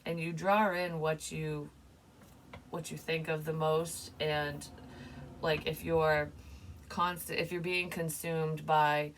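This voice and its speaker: Casual female psychic reader with a deep voice, laughs and swears freely, faint hiss behind her. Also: flat delivery, slow pace. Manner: chatty and loose, laughs often, swears. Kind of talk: casual spoken psychic reading.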